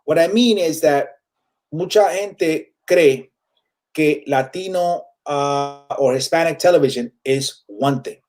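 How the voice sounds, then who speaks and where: A man's voice: a little high, slow pace, darkish tone. A man in his forties with a Puerto Rican accent, a comedian chatting casually as a guest and switching between two languages. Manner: switches freely between English and Spanish, many fillers. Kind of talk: casual interview chat.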